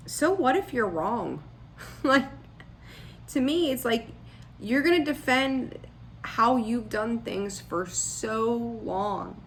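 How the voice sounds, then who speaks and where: Blunt and frank, a woman with a high-sitting voice gives a casual tarot reading, scolding her listeners. She rambles with restarts, and there's a little hiss or hum on the recording.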